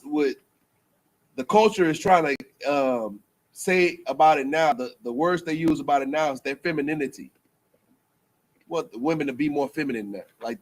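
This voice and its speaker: A man giving a casual, rambling preaching talk to a group, full of slang and repeated phrases. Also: on the high side. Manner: rambling, repetitive, colloquial. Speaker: speaker in a group teaching session.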